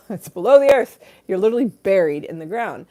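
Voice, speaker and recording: A middle-aged woman hosts a livestream, telling stories in a casual, chatty way, laughing often and acting out the voices of the people in them. Her mid-range voice is animated and mellow, at a moderate pace.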